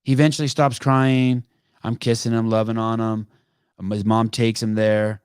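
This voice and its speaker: A man's voice: lowish voice, little pitch movement, normal speed, clear, resonant tone, dry recording, studio quality. A middle-aged man hosting a podcast, telling a rambling family story with asides and self-corrections. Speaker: podcast host. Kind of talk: casual live call-in chat.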